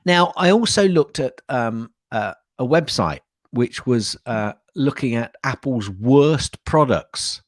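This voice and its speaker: A man co-hosts a podcast in loose, casual chat. His voice rises and falls in a lively way, and he often repeats words as he rambles. The sound is dry and close. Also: medium pitch, slow, hardly any pauses, dry recording. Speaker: podcast co-host.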